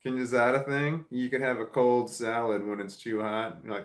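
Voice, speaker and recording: A man's voice: mid-range voice, moderate pace, few pauses. A middle-aged man chatting casually with live viewers, rambling, restarting sentences and swearing offhand. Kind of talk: casual live chat, reading comments. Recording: roomy echo.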